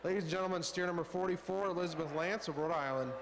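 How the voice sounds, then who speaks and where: A man reading out exhibitor introductions at a livestock sale in a measured, formal announcing style. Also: high voice, big-room sound, noisy background. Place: indoor livestock show arena over PA.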